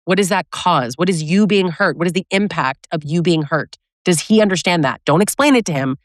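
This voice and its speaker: A woman's voice: on the low side, a little fast, no room sound, clean studio sound. A woman relationship coach giving a direct, conversational talk, often asking rhetorical questions. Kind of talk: educational talk to camera.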